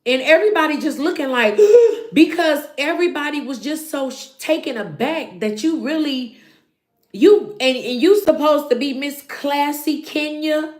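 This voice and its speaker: High pitched lady going off about a show, acts out everybody, roomy echo. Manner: animated, acts out quotes, talks to viewers. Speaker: show reviewer host. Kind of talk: casual reality TV recap.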